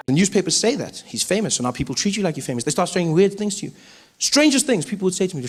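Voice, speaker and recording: A South African man doing stand-up comedy, telling animated stories on stage. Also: sits high, fast, husky. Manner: animated, storytelling.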